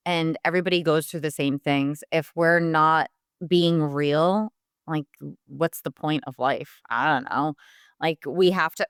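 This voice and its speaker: A woman's voice: deep voice, a bit bright, clean tone, no echo, studio quality. A woman who works as a dental hygienist, a guest on a podcast, speaking frankly and emphatically. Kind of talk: casual podcast chat.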